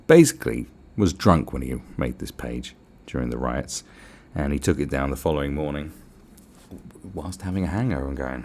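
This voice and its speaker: A man's voice: extremely low pitch, lively intonation, moderate pace, darkish tone, slight background noise. A man with a British accent hosting a podcast, ranting in a casual, profane, sarcastic way. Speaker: podcast host.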